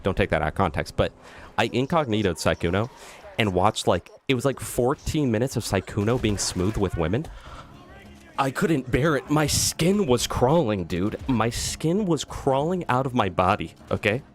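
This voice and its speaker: A man livestreaming a video game, ranting to his chat in a lively, mocking way. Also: mid-range voice, moderate pace. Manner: ranting, animated, mocking impressions. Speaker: streamer. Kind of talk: live gameplay stream chat. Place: loud room.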